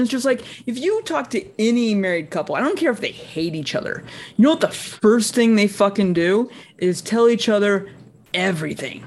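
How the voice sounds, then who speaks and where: A man's voice: high voice, lively intonation, moderate pace. A young married man in casual podcast chat, profane and ranting, often laughing. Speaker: podcast co-host.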